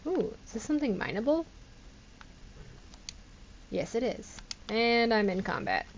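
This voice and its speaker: A woman streams a game live and chats through it, sliding into exasperated, laughing disbelief. Her voice sits a bit high. The audio is slightly dull and lo-fi. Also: very animated, unhurried, a little hiss or hum. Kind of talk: casual live gameplay commentary.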